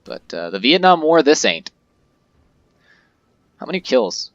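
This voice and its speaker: A man's voice: a little high, big pitch swings, a little slow, dry recording, dull audio. A man casually commentating his own strategy game playthrough, chatty and joking with viewers. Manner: chatty, jokey, reacts aloud to the game. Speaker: let's-play host.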